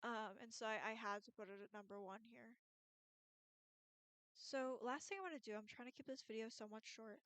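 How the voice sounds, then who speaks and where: A woman's voice: fairly high pitch, a bit bright, dry recording. A young woman from Pennsylvania chatting casually to camera on her vlog, with lots of ums and likes. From Pennsylvania, USA. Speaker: YouTuber.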